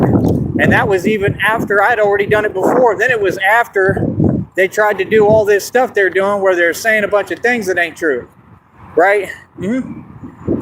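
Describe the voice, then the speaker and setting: A man's voice: high-pitched, background noise. A man from Texas, talking in a boastful, swaggering monologue straight to camera. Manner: swaggering, repetitive, keeps asking "you understand?". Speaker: vlogger.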